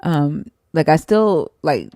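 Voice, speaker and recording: A woman's voice: low voice, sing-song, slow pace, warm tone, no echo, studio quality. A woman learning Hebrew on a live stream, asking hesitant questions with many fillers. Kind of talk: casual live-stream chat.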